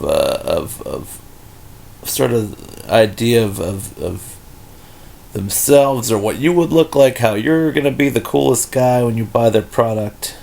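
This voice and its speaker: Man, low gravelly voice, rambling scornful rant, faint background noise. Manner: rambling, many fillers and restarts; irritated, scornful. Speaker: video commentator. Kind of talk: unscripted rant.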